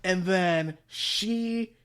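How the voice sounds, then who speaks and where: A man's voice: high-pitched, extremely slow, a bit bright, clear, resonant tone. Brief: male host, casual slangy retelling, rambling with restarts. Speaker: podcast host. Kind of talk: casual retelling of a comic story.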